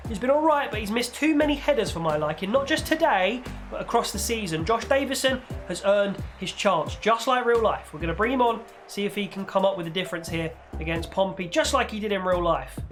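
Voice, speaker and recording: A young man giving casual, exasperated play-by-play on his own football video game. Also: high voice. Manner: animated, exasperated play-by-play with pleading outbursts. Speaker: gaming YouTuber commentating his own match. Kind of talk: casual live game commentary.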